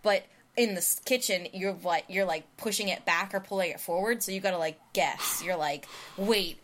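Bright, giggly American woman. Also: on the low side, a little fast, slight background noise. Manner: animated, giggly, lots of likes. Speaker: podcast co-host. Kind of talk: casual chat. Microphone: video call.

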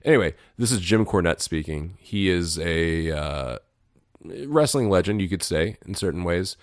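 Podcast host, man, low voice, dry close sound, loose and profane. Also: animated, moderate pace, dry recording. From Louisville, Kentucky. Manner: rambling, swears freely, laughs often. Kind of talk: casual chat.

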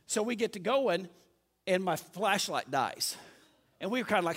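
A man preaching a sermon, telling a story in a lively, self-mocking way. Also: high voice, moderate pace, in a large hall.

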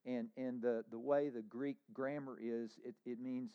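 A man preaching a sermon as pastor, earnest, moving between hushed lines and emphatic ones. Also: mid-range voice, steady tone, unhurried, clear, resonant tone, dull audio.

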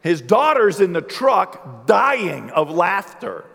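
A middle-aged male pastor preaching a sermon with animated, humorous storytelling. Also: high voice, slow, vocal fry, faint music behind. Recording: long hall reverb.

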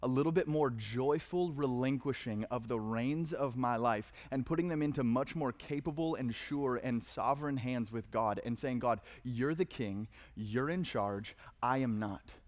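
A man's voice: medium pitch, normal speed, hardly any pauses, a little mellow. A man preaching a conversational sermon, reading verses with dramatic emphasis. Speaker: pastor.

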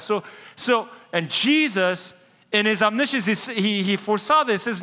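A male pastor with a high, ringing voice delivers a sermon as a lively storyteller, slowing down to press his key points. His voice carries a long reverb through a church sanctuary. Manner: animated storyteller, slows down to stress key points.

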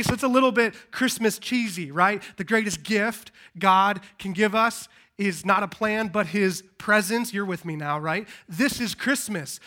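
A man giving a live Christmas sermon as pastor in a church, preaching emphatically, swinging from loud to hushed, into a handheld microphone. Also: high voice. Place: church service.

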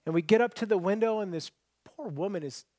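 A man preaching a sermon, earnest and conversational, rising to loud emphasis and dropping to near-quiet. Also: high-pitched, fairly quick, dry recording. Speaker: pastor.

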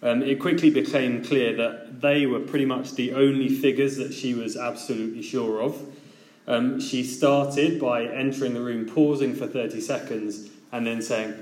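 A man delivers a sermon as a relaxed, conversational story. His voice sits at an ordinary middle pitch for a man. The sound carries a roomy echo from the church around him. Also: normal speed. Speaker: preacher.

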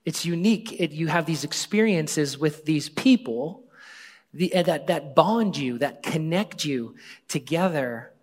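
A man in his forties, a pastor, telling a personal story in a conversational sermon, often dropping to a hushed voice. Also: fairly high pitch, animated, measured pace. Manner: conversational, drops to hushed tones for quoted moments. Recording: long hall reverb.

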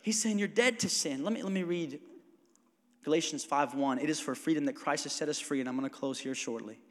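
A man preaches a sermon in a church hall whose reverb trails after every phrase. His voice is somewhat high for a man. He shifts between soft, almost whispered stretches and forceful bursts, often prompting the congregation to answer him. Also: brisk. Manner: swings between quiet intimate passages and loud emphatic preaching; calls for congregation responses. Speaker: pastor. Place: church sanctuary.

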